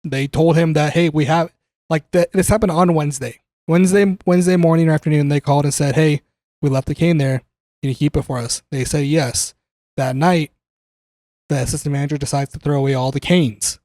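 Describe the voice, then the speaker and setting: A man's voice: fairly high pitch, steady tone, brisk, mellow, dry recording. A young adult man telling a work story on a podcast in casual chat, swearing, laughing and acting out what people said. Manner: profane, laughing, acts out quoted dialogue. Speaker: podcast co-host.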